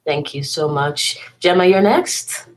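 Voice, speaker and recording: A woman moderating a panel over a video call from her office, relaxed, with frequent ums and uhs. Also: low voice, slow pace, rough recording. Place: single office.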